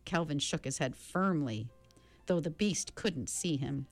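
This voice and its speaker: A woman narrates a novel with a low, calm voice and a slow, unhurried pace. The recording is dry and close to the mic. Faint music plays beneath her. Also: no echo. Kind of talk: audiobook narration.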